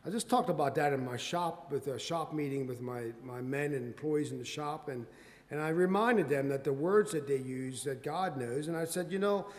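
A man preaching a sermon, quoting scripture in old-fashioned wording and building to loud, emphatic peaks. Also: a little high, moderate pace. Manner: quotes scripture in King James wording. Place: church sanctuary. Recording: long hall reverb.

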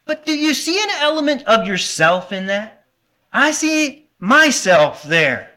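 High, bright-voiced preacher man. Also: sing-song, a little slow. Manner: earnest, asks the congregation questions; restarts and corrects himself. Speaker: pastor. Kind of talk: sermon.

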